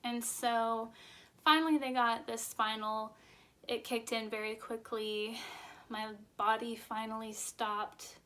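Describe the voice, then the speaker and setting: Young woman vlogging, slow and halting, kinda high voice, gets teary. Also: flat delivery, bright, forceful tone. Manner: emotional, halting, fighting tears at times. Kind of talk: personal birth story, casual.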